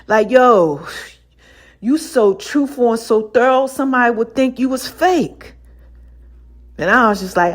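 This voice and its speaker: A woman's voice: high-pitched, animated, moderate pace. A woman hosting her own podcast, talking loosely in slang, laughing often and acting out voices as she tells stories. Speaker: podcast host. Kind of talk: casual solo podcast monologue.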